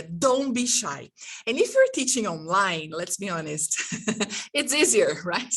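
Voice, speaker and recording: A woman's voice: medium pitch, fairly bright tone, husky, far from the mic. A woman teacher trainer leading an online workshop, demonstrating and exaggerating mouth sounds in an encouraging way, heard over a video call.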